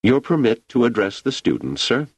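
A man's voice: mid-range voice, very animated, moderate pace, slightly rough, dry recording, pitched above the performer's own voice. A man voicing a firm, authoritative middle-aged male professor in a storybook reading, formal and precise. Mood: commanding.

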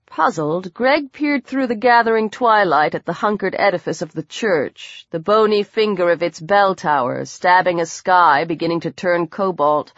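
A woman's voice: lowish voice, normal speed, few pauses, no echo, dull audio. Woman narrating a dramatic audiobook.

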